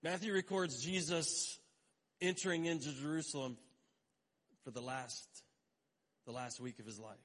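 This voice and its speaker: Conversational preaching man, fairly high voice. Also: moderate pace, long pauses, a bit bright. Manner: conversational, joking asides, acts out quoted voices. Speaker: pastor. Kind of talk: sermon.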